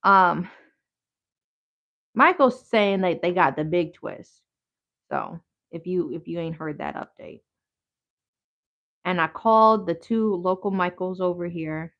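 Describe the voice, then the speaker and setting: A woman's voice: lowish voice, slow pace, long pauses, lo-fi sound. A woman hosting a casual livestream while she crafts, rambling in slang and talking back to her chat. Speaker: yoga therapist and crafter, livestream host.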